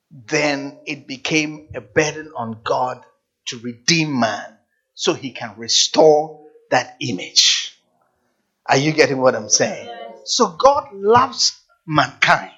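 A preacher delivering a sermon dramatically, repeating and stretching key words, dropping to a hush and then rising to a shout, and often asking the congregation questions. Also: medium pitch, expressive, takes it slowly, slightly rough. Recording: dull lo-fi sound.

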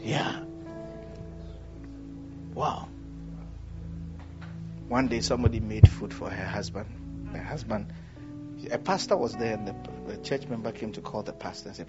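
A man from Ghana preaching a sermon, moving between loud declarations and quiet storytelling. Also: fairly low pitch, normal speed, long pauses. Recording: dull lo-fi sound with music behind.

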